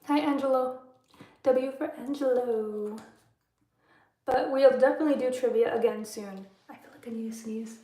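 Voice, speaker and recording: A woman's voice: on the high side, moderate pace, warm tone. A young adult woman hosting a casual live stream, chatting with viewers, answering their comments and laughing often. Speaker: livestream host. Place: room at home, bedtime routine. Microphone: phone livestream. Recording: echoey room.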